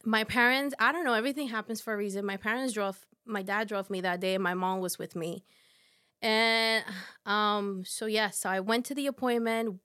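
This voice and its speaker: A woman in her thirties, a podcast guest, telling a personal story in a halting, soft way with many fillers. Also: medium pitch, steady tone, smooth. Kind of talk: casual conversation.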